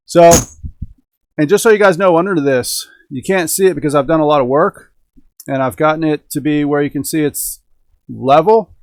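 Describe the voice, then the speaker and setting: A man's voice: a little high, smooth, no room sound. A middle-aged man hosting a hobby live stream from home, chatting casually and upbeat with viewers and the chat. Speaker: host of a radio-control hobby live stream. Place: home indoors.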